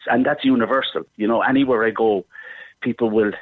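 A middle-aged Irish man, a theatre performer, talking warmly and effusively in a radio interview, rambling with restarts. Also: medium pitch, fairly even intonation, fairly quick, no room sound. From Ireland. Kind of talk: casual interview chat. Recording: dry phone-like line.

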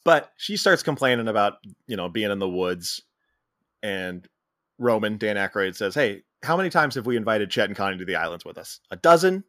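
A man's voice: fairly low pitch, brisk, no room sound. Dry-sounding man recapping a movie. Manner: retells scenes, quoting lines in a flat voice. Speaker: podcast co-host. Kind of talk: casual movie recap chat.

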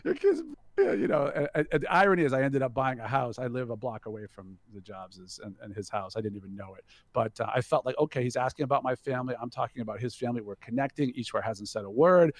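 A middle-aged man tells an anecdote in a gravelly, fry-laced voice at an ordinary pitch. He acts out each person in the story and swears casually. The sound is close and dead, with no room around it. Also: fast, dry recording. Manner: swears freely, laughs between lines. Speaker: guest telling a business story. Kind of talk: animated anecdote.

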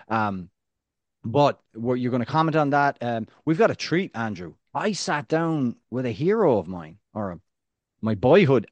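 A man's voice: mid-range voice, no room sound, lo-fi sound. A man co-hosting a sports podcast, chatting casually, joking and rambling with frequent restarts. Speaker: podcast co-host.

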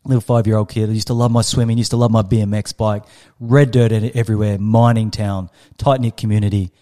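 Australian man in his 30s, guest storyteller; low, mellow voice, emphatic delivery. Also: flat delivery, quick pace. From Western Australia. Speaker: guest, startup coach. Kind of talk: storytelling in a podcast interview.

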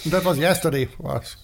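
A man's voice: a little high, creaky, a little hiss or hum. A man co-hosting a casual radio show, joking and teasing his partner in a playful manner. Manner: playful, teasing, mock-announcer delivery. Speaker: co-host.

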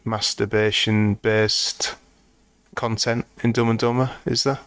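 Male podcast co-host, low and smooth, meandering with dry wit, dry close-miked sound. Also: flat delivery, slow pace, a bit bright, no echo. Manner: meandering, restarts sentences, dry humor. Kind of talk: casual film discussion.

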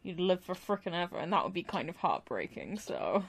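A woman with a slightly low voice talks casually about a tabletop game with a friend. She chats freely and laughs often, her tone relaxed and conversational. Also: fairly quick, gravelly, slight background noise.

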